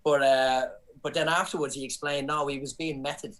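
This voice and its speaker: A man's voice: medium pitch, brisk, low-quality recording. Irish man telling stories animatedly. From Ireland. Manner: animated storyteller, many restarts. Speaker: guest comedian and actor. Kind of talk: casual podcast chat.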